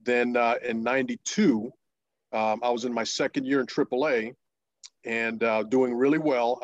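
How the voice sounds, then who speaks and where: A man in his fifties, a former professional pitcher, telling stories in an interview, halting with many fillers and restarts, and jumping up in pitch when he acts out excited voices. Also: no room sound, muffled recording. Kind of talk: storytelling interview.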